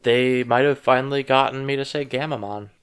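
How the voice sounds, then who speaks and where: A man co-hosting a casual review podcast, with a smooth, resonant voice at a middling pitch. He speaks haltingly, filling his pauses with ums and uhs as he works through his opinions. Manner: hesitant, many ums and uhs. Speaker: podcast co-host.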